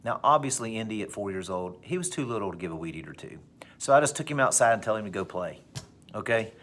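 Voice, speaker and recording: A male teacher telling a personal anecdote to his class, with big animated swings in pitch and pace. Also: fast talker. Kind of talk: storytelling in class.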